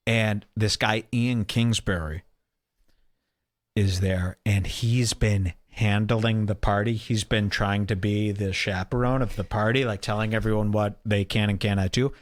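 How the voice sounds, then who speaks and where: A man hosting a talk show, telling a wild story in an excitable, profane way and acting out the quotes. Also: unhurried. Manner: excitable, profane, acts out quotes with big pitch jumps. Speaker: podcast host. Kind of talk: animated storytelling.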